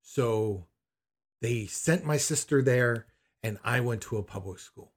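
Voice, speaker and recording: Husky middle-aged man telling a story. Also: mid-range voice, takes it slowly. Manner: emphatic, incredulous storytelling. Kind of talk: personal anecdote.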